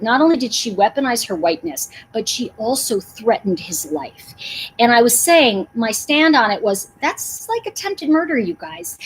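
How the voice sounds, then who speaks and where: A middle-aged woman on a casual livestream, talking emphatically to her viewers. Her pitch sits a little high and swings widely, with a breathy, husky edge. She keeps the talk lively and direct. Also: low-quality recording. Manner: animated, emphatic, talks to viewers in chat. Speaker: livestream host.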